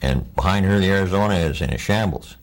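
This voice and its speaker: An older man, a war veteran, recounting his memories in a plainspoken, halting oral-history interview. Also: low voice.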